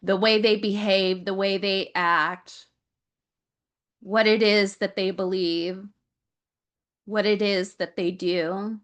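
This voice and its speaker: A woman's voice: mid-range voice, fairly even intonation, slow pace, pauses often. A woman on a video call giving an Akashic Records reading, repeating words and relaying what she is shown.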